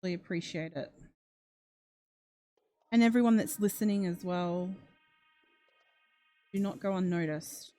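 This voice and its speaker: Female true crime streamer, warm low-key tone, talking to chat, emotional. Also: measured pace, long pauses, no room sound, soft background music. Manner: chatty, reacting to chat and reading comments; emotional, gasps, close to tears. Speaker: true crime channel host. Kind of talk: casual livestream commentary.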